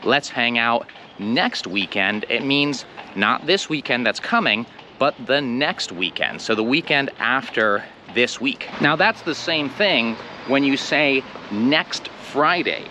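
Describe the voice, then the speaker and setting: A man with an American accent giving a casual spoken English lesson, slowing down to model example phrases. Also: medium pitch, animated, sharp tone. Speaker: English teacher. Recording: clear street and traffic noise.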